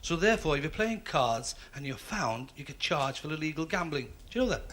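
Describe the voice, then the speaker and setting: A man with a Liverpool accent doing stand-up, telling quick gags and putting on stuttering voices for the characters. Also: on the high side, lively intonation, a bit bright. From Liverpool, England. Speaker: stand-up comedian. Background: audience laughter.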